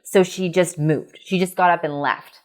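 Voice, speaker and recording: A woman hosting a podcast as a coach, talking in a casual, animated way with frequent laughs and restarts. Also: on the low side, normal speed. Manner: animated and chatty, laughs often, many restarts. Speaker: podcast host and business coach. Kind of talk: casual conversation.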